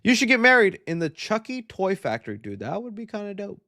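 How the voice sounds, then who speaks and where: A young man hosting a live stream, reading viewer questions out loud and answering them in a chatty, upbeat way. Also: sits high, wildly swooping pitch, fairly quick. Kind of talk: casual live-stream chat.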